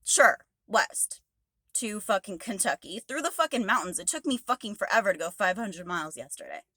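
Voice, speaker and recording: A woman's voice: mid-range voice, big pitch swings, normal speed, pushed and bright, husky, no room sound. A woman truck driver ranting angrily to camera, swearing heavily and exasperated. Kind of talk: angry rant to camera.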